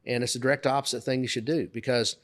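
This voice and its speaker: A man's voice: mid-range voice, level tone, fast talker. A middle-aged man co-hosting a podcast, telling career anecdotes in casual chat and raising his voice to act out the people he quotes. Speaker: podcast co-host.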